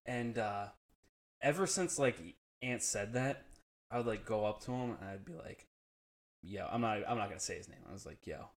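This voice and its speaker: A man's voice: on the low side, lively intonation, normal speed. A man telling a profane, laugh-filled story in a casual chat, acting out the people he quotes. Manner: profane, laughs often, acts out quoted friends.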